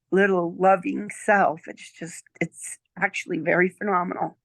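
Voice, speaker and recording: Brief: gravelly-voiced woman in her sixties, chatty storyteller, dry close sound. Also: lowish voice, little pitch movement, measured pace, few pauses, no echo. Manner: chatty, checks in with "okay?" and "right?". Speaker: client giving a testimonial. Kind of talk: casual storytelling chat.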